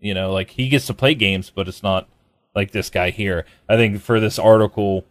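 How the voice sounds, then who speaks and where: On a casual podcast, a man with a fairly low voice chats at a moderate pace with fairly even intonation. His talk rambles, full of fillers and restarts, and there's no echo.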